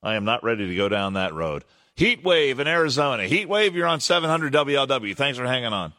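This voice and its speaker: A man's voice: mid-range voice, big pitch swings, fairly quick, bright, forceful tone, long reverb tail. A man hosting a morning call-in radio talk show, casual and folksy as he chats with callers.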